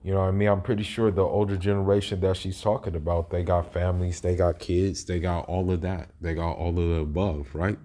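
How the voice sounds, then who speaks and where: A man's voice: deep voice, flat delivery, fairly quick, hardly any pauses, warm tone, a little hiss or hum. A man reacting to a played video in casual, rambling commentary, often restarting and asking "you know what I mean".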